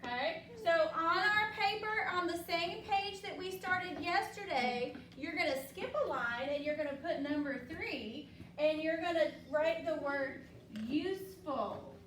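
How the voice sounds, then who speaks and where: A woman teacher leading a classroom phonics lesson, upbeat and patient, drawing words out slowly for the children. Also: very high voice, a bit bright, slight background noise. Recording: echoey classroom from far off.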